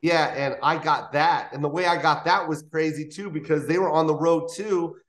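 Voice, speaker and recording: Animated male comedian telling stories. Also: fairly high pitch, normal speed. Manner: animated, acts out voices in anecdotes. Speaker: comedian guest. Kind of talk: interview storytelling. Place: interview studio.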